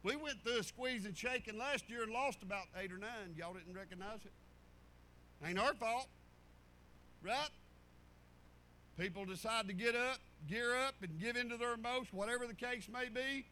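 Man, pastor, high bright voice, folksy sermon, repeats phrases. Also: moderate pace, long pauses. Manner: folksy storytelling preacher, repeats phrases for emphasis.

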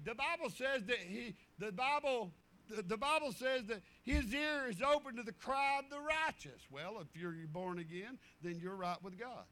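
A man's voice: very high voice, pushed and bright. A middle-aged man preaching a sermon in a folksy way, repeating himself and acting out stories.

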